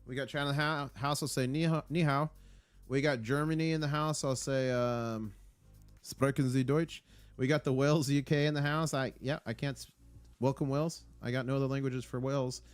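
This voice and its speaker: A man's voice: medium pitch, steady tone, fairly quick, clear, resonant tone, no room sound, soft background music. Upbeat man hosting a live stream. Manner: upbeat, reading out viewer comments; rambling, with fillers and restarts. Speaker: livestream host. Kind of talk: casual live-stream chat.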